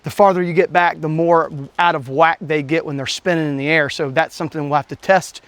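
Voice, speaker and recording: Channel host, man, chatty and folksy product reviewer, slightly raised pitch. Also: fairly even intonation, brisk, a bit bright, clean tone, no echo. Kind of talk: casual hands-on product review.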